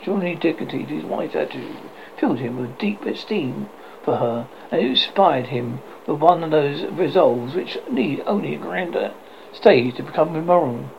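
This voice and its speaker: A man narrating a classic story aloud in a steady reading voice, with occasional small slips. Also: a little high, normal speed, gravelly. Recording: slightly dull, faint hiss.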